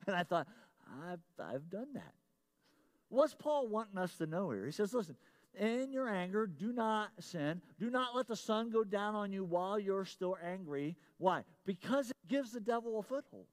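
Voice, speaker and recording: A middle-aged male pastor with a notably high voice delivers a sermon. He drives points home loudly, repeats key phrases for the congregation, then drops into low, confiding asides. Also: expressive, moderate pace.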